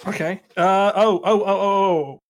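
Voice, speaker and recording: A man's voice: sits high, fairly even intonation, a little slow. A man playing a tabletop game, joking and hesitant, often trailing off into fillers. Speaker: player.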